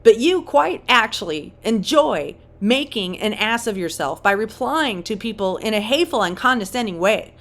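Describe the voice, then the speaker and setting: A woman voicing a smug, combative female online commenter, sharp and mocking, pitched higher than her own voice. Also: lively intonation, moderate pace, hardly any pauses. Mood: condescending.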